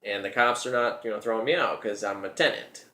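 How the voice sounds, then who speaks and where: A man's voice: fairly low pitch, brisk, pushed and bright, reverberant. A man hosting his own show, telling a personal story in a rambling, casual way, often repeating his words as he goes.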